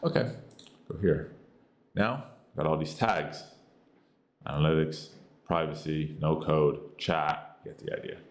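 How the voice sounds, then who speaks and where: A man's voice: a little slow, long pauses. A man with an American accent giving a casual, rambling review of an app, full of fillers and repeated catchphrases. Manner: rambling, filler-heavy, says "boom" and "you get the idea". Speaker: tech reviewer.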